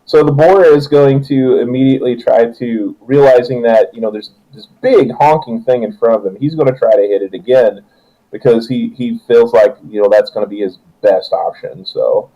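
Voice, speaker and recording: A man's voice: mid-range voice, moderate pace, mellow, highs cut off. A young man running a tabletop game as its game master, joking and laughing through loose narration.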